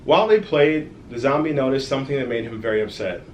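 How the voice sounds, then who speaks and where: Male storyteller, kids' read-aloud, lively with direct asides; echoey room, faint hiss. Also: medium pitch, quick pace. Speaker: author reading his own book. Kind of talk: reading a children's story aloud.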